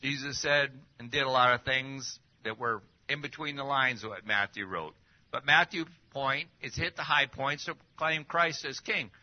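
Lively preacher man, dull lo-fi sound. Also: medium pitch. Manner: lively, rhetorical questions, drops to near-whispers. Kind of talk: sermon. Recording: dull lo-fi recording.

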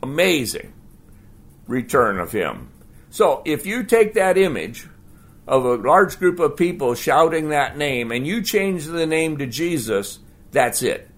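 A man's voice: fairly high pitch, unhurried. Guy preaching a sermon, takes his time, chatty, throws questions at the crowd. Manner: conversational, animated preaching with rhetorical questions. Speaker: pastor.

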